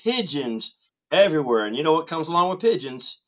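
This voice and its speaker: A man's voice: on the high side, very animated, a little fast, a bit bright. A middle-aged man guest, reminiscing casually with jokes at his own expense. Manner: jokey, self-mocking, laughs along. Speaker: guest, former actor.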